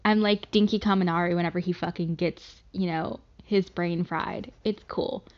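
A woman's voice: lowish voice, fairly even intonation, normal speed. A young woman from the American South talking in a casual, rambling monologue, swearing often and poking fun at herself. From Southern United States. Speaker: vlogger. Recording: dull lo-fi recording.

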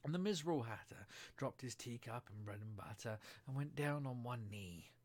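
A man narrating a storybook aloud in a steady, soft-spoken way. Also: medium pitch, normal speed. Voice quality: husky, breathy.

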